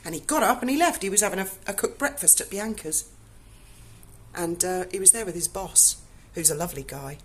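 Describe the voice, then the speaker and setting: A woman's voice: on the low side, lively intonation, fairly quick. A woman, telling a personal story in casual speech, emotional and blunt and swearing freely.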